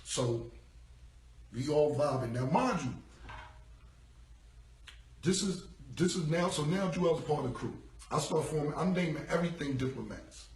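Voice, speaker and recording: A man's voice: fairly high pitch, lively intonation, a little slow, long pauses, slight background noise. A man casually telling a long story from his past in loose, profane street slang, acting out what people said. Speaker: rapper telling a story on a live stream. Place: room, streaming from a phone. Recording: echoey phone audio from a distance.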